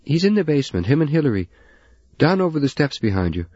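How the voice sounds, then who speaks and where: Brisk mum, read by a man, pitched high. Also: big pitch swings, a little mellow, no echo, muffled recording. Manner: brisk, motherly. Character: brisk middle-aged housewife.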